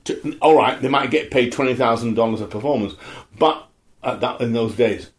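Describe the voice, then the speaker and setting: A man, a former opera singer, telling animated, emotional anecdotes as a guest, with frequent restarts. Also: mid-range voice, normal speed. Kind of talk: conversational storytelling.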